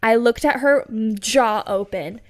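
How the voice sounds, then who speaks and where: A young woman in her twenties tells a story from her own life in a loose, casual storytime way. Her voice sits a little high, and she talks in a chatty, animated way, leaning on "like" and "you know" as she goes. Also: takes it slowly. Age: 20s. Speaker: podcast host.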